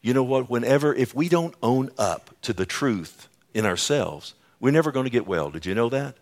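A man preaching a sermon as a pastor, emphatic and repetitive, calling out to his listeners and dropping suddenly soft for effect. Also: mid-range voice, animated, normal speed. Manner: acts out quoted dialogue, repeats calls like "Amen?" and "Listen".

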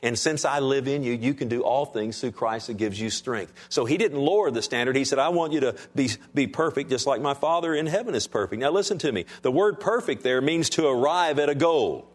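A male pastor preaching a sermon to his congregation. He asks them "Amen?" and swings between raised, emphatic lines and hushed, soft ones. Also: medium pitch, lively intonation, fairly quick, hardly any pauses. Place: church sanctuary.

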